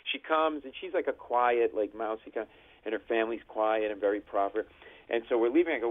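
A man from Providence, a comedian calling in and telling stories in a lively way, acting out bits of voices. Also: lowish voice, fairly quick. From Providence, Rhode Island. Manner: animated storyteller, acts out voices. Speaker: comedian guest. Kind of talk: phone-in comedic chat. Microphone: phone call. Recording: tinny phone line.

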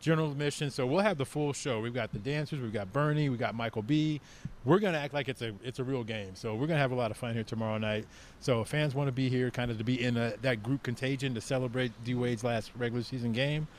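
A man talking as a team executive guest on a radio show, eager and prone to repeating words when excited. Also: mid-range voice, fast talker, a little hiss or hum. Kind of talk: casual radio chat.

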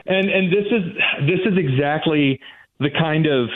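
A sarcastic, animated man speaks as a guest commentator on political talk radio, mocking the other side with little put-on voices. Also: fairly high pitch, a little slow. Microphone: phone line. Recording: tinny phone-line sound.

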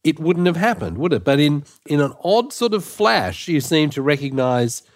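A male interviewer thinks out loud as he leads into a question. His pitch moves a lot, rising and falling through each reflective sentence. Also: big pitch swings, moderate pace. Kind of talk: conversational interview.

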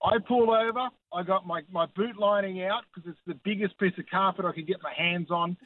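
A man's voice: high-pitched, brisk, no echo. A man calling in to a radio show, enthusiastic and jokey, heard over a tinny phone line. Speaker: caller. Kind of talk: phone-in call.

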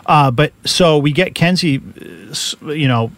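Animated man telling stories on a video call. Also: fairly high pitch, measured pace. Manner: animated storyteller, laughs through his anecdotes. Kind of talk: casual storytelling on a video call. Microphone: computer mic on a video call.

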